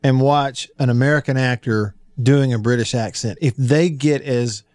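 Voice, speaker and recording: A man with a Southern accent hosting a casual radio talk show, telling stories in a folksy, animated way. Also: mid-range voice, normal speed, no echo, studio quality.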